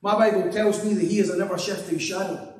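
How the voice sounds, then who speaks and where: A Scottish pastor with a high, steady voice preaches quickly in a church hall, his sermon carrying an earnest, repetitive cadence before he lowers to a hush to lead a prayer. The echoey hall is picked up by a distant mic.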